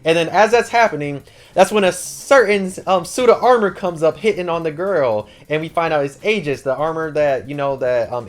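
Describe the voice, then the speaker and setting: Fast-talking man recapping a story casually. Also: mid-range voice. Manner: rapid and slangy, full of "like" and "yo". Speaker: anime channel host.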